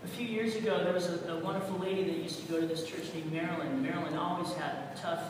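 High-voiced pastor preaching in an echoey church. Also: male voice, fairly even intonation, quick pace. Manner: rhetorical questions, emphatic repetition, swings between loud and quiet. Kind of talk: sermon. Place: large echoey church sanctuary. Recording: echoey hall, distant mic, rumbling noise.

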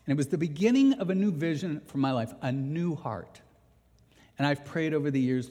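A man's voice: on the high side, brisk. Earnest male pastor in a reverberant hall. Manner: animated storytelling, earnest and emphatic. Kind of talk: sermon. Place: church sanctuary.

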